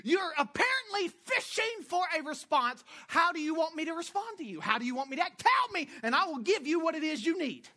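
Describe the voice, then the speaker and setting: A woman from Florida preaching a sermon, blunt and animated with scolding asides. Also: high voice, fast talker, hardly any pauses. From Florida, United States. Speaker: pastor.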